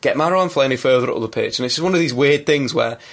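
A man's voice: mid-range voice, quick pace, vocal fry. A man hosting a casual football podcast, talking in a chatty, opinionated way. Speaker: podcast host.

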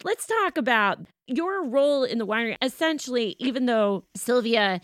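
A woman's voice: fairly high pitch, expressive, moderate pace, fairly bright tone, no echo. American woman podcast host, chatty and emphatic, dry close recording. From United States. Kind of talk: casual interview chat.

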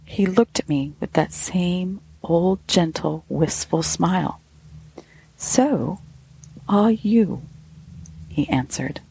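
A woman hosting a podcast, reading a ghost story aloud in a measured, softly breathy way. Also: sits low.

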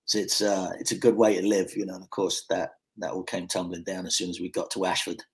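Relaxed low-voiced actor telling stories. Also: male voice, a little fast. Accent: mixed Scottish and English, Americanised. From Scotland. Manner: relaxed storyteller, frequent fillers and restarts. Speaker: actor guest. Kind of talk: casual podcast chat.

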